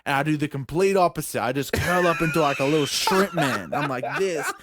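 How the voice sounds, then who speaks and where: A young man co-hosting a podcast, telling a story in animated, swear-heavy casual chat with sudden shouts and laughs. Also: fairly high pitch, fairly quick, over music. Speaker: podcast co-host.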